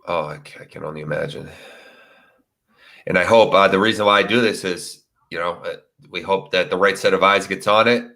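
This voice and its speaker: Bright-toned casual true crime host. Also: male voice, sits low, a little fast, vocal fry. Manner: casual, filler-heavy, sympathetic. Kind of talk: live stream interview.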